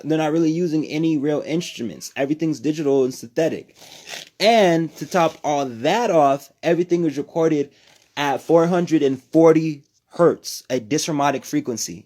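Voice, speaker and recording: A man's voice: on the high side, darkish tone. Profane, rambling man on a livestream. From New Mexico, USA. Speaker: livestream host. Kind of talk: casual livestream chat. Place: home.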